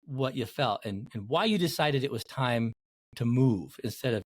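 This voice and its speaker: A man hosting a podcast interview, an animated storyteller who acts out the people he quotes. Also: mid-range voice, normal speed, dry recording, studio quality. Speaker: podcast host.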